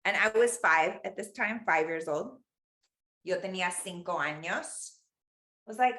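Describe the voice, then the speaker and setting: A woman's voice: medium pitch, moderate pace, bright, forceful tone. A woman teaching an online cooking class, telling stories and mixing in Spanish words as she cooks. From Los Angeles. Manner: chatty storyteller, mixes in Spanish words. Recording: echoey room.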